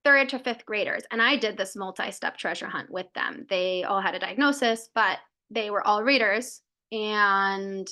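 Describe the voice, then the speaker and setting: A woman with a mid-range, sharp-toned voice presents a live training webinar. She explains steps and answers questions conversationally, with frequent fillers and self-corrections.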